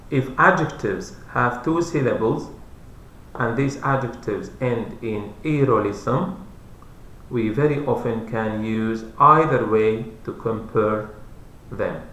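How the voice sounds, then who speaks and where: A man's voice: mid-range voice, a bit bright. Male teacher, patient repetitive explainer, echoey room sound. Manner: slow, repetitive, spells out letters. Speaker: English grammar teacher. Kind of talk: explaining grammar lesson. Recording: roomy echo.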